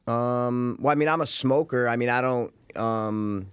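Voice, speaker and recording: A man's voice: medium pitch, unhurried, clear, resonant tone, no echo, clean studio sound. A man in his thirties co-hosting a podcast in casual chat, blunt, swearing often and calling people dude. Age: 30s. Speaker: podcast co-host.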